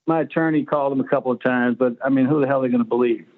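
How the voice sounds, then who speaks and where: A man's voice: mid-range voice, fairly even intonation, racing. Older male guest in his sixties, blunt and salty anecdotes, heard over a thin phone line. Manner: blunt, profane anecdotes with acted-out quotes. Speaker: guest, former pro quarterback. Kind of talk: storytelling interview.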